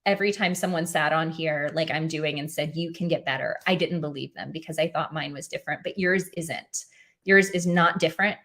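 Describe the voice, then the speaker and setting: A woman's voice: deep voice, a little fast, a bit bright. A woman hosting a live video Q&A, speaking earnestly and encouragingly to viewers, with frequent ums and restarts. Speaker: OCD advocate hosting a live Q&A. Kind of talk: live stream Q&A talk.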